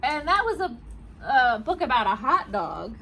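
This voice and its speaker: A woman reads picture books aloud with a lively, sing-song pitch that rises and falls, taking her time and pausing to ask the children questions. Her voice sits on the higher side, with a faint background hiss. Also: poor audio. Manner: animated, asks young listeners questions. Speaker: children's librarian.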